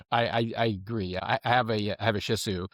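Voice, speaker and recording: A man's voice: on the low side, fairly even intonation, moderate pace, a bit bright, no echo, studio quality. A man hosting a podcast, talking casually, enthusiastic and affirming, often repeating words as he restarts. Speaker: podcast host.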